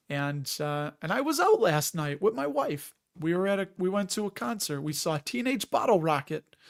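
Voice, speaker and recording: Chatty, rambling male stream host. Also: a little high. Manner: rambling, chatty, reads viewer comments aloud. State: tired. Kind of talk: casual live-stream chat.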